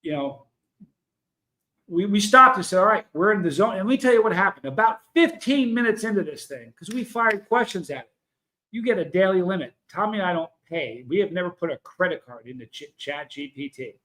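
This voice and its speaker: A man's voice: high voice, expressive, fairly quick, sharp tone, poor audio. A man hosting a livestream in a casual, emphatic way, telling a story and speaking directly to viewers in the chat. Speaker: livestream host.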